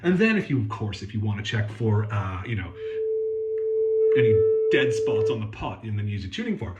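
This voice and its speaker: A man's voice: fairly low pitch, sing-song, moderate pace, echoey room, highs cut off, very noisy. A man hosting a guitar workshop channel, talking in a casual, sweary, sarcastic and rambling way. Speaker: guitar technician and channel host. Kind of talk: casual ranting demo.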